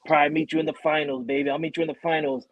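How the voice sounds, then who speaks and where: A man co-hosting a sports talk show, ribbing the others in a playful, excitable way. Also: on the high side, racing, no room sound, poor audio. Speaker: sports talk co-host, basketball fan. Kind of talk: casual sports banter.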